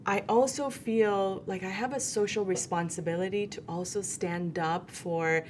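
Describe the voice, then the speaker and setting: A woman on a talk show panel, sharing her own experience in a reflective way and pausing to search for words. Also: medium pitch, steady tone, slight background noise.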